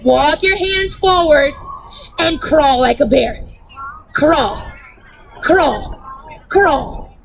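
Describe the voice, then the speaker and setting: A young woman leading an energetic outdoor movement class for children, cheering and coaching them playfully through each move. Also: sits high, extremely slow, gravelly, pauses often, slight background noise, poor audio. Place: outdoors on grass.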